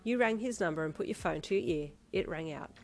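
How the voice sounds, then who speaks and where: A woman narrating a fan fiction audio story in a steady, even read. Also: on the low side, fairly quick. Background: faint instrumental music.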